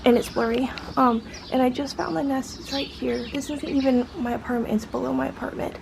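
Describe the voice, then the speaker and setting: A woman's voice: high-pitched, fairly even intonation, fairly quick, vocal fry, noisy background. A woman vlogging outdoors on a handheld phone, flustered and shaky, breathing heavily and slipping in and out of whispers. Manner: flustered, repeats herself, drops into whispers. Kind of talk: casual vlog filmed on the spot. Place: outdoors by a tree below an apartment. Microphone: handheld camera phone.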